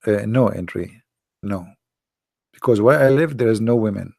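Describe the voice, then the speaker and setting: Man, hoarse, gravelly, teasing livestream chat, dry close mic. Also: fairly low pitch, normal speed, a little mellow, no echo. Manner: teasing, laughs often, answers viewer questions. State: hoarse, voice strained and coughing. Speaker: livestream host answering chat. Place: at home behind a computer.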